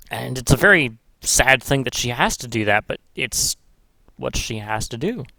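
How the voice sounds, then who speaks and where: A man's voice: medium pitch, lively intonation, moderate pace, gravelly, pushed and bright, no echo. A man vlogging in casual commentary, rambling and swearing, correcting himself as he goes. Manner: rambling, profane, self-correcting. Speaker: gaming vlogger.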